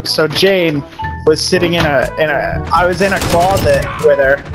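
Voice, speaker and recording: A young man telling a rambling, crude story to friends over voice chat while gaming, breaking into loud laughs. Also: on the high side, normal speed. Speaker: gamer telling stories. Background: background music.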